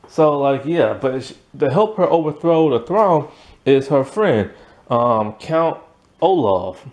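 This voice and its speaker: A man's voice: medium pitch, darkish tone. Young guy rambling about a show, lots of um and like, voice bouncing all over, chuckles here and there. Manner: rambling, full of ums and likes, chuckling. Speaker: TV series reviewer. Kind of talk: casual spoken review.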